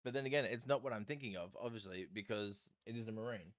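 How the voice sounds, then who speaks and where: A man's voice: fairly low pitch, fast. A man hosting a live stream, chatting in a rambling, self-deprecating way while he paints.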